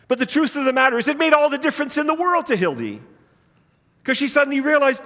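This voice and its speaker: A man's voice: extremely high pitch, expressive, quick pace, bright, forceful tone. A man preaching a sermon, telling a story in an earnest, conversational way. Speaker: pastor. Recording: long reverb of a large hall.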